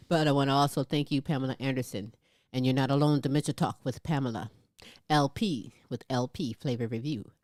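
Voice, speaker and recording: A woman's voice: rumbling low, a little mellow, no room sound, clean studio sound. A woman co-hosting a live talk show, playful and laughing, stretching out her words to the audience. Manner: playful, drawn-out endearments, laughs often. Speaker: co-host.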